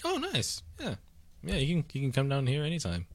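A man's voice: mid-range voice, huge pitch swings, a little fast, dry recording. A man co-hosting a casual chat, rambling with lots of fillers and restarts. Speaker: podcast co-host.

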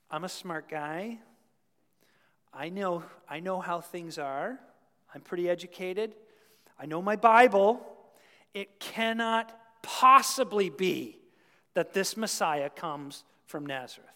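Give me a snobbish sneering man, put on by a preacher, high voice with a long hall echo. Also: moderate pace, close to an everyday voice. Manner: dismissive, mocking tone. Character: sneering educated male skeptic, snobbish. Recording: long reverb of a large hall.

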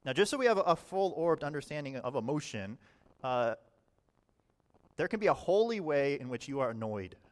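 A man preaching a sermon in a conversational way, often saying "all right" and swinging between quiet and loud passages. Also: fairly high pitch, big pitch swings, moderate pace. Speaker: pastor.

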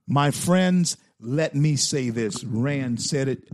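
A man's voice: mid-range voice, animated, takes it slowly, hardly any pauses, a little mellow, dry recording, clean studio sound. A male talk show host giving fervent political commentary, preaching and repeating phrases for emphasis.

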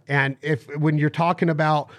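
A man hosting a casual podcast interview, explaining at length in animated bursts. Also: a little high, normal speed, no room sound. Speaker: podcast host.

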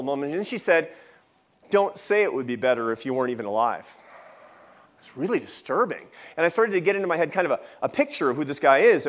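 A man in his fifties giving a lecture at a festival, telling a personal story with jokey asides. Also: fairly high pitch. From United States. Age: 50s.

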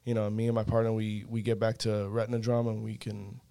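A man's voice: on the low side, monotone, brisk, vocal fry, warm tone, clean tone, no room sound. Man, podcast guest, casual chat, hesitant, lots of fillers, dry sound. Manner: hesitant, many fillers and restarts, laughs often.

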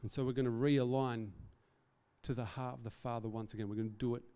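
Earnest male pastor, mellow tone. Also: medium pitch, fairly even intonation, fast, clear, resonant tone. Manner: earnest, conversational, self-deprecating asides. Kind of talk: sermon. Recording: reverberant hall.

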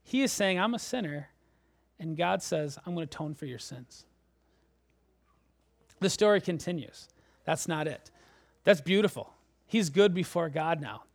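A man preaching a sermon, animated, moving between loud emphasis and hushed low lines. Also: measured pace, gravelly, long pauses, no room sound. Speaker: pastor.

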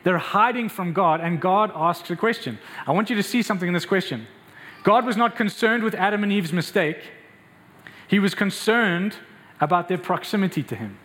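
A man's voice: normal speed, a bit bright. A man preaching a sermon as a pastor, asking the congregation questions and acting out the lines he quotes. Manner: acts out quoted voices with raised pitch, asks the crowd questions.

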